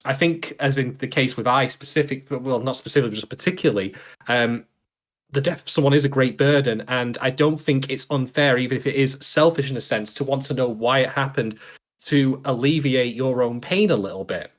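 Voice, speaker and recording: A man's voice: mid-range voice, fairly quick. Rambling English man co-hosting a podcast. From England. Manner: rambling, repeats words, laughs while joking. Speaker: podcast co-host. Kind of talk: casual podcast chat.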